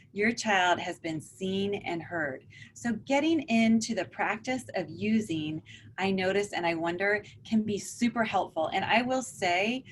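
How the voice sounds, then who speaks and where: A woman counselor speaking to parents in a calm, conversational way, often acting out example dialogues. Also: medium pitch, slight background noise. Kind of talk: informal talk to a parent forum.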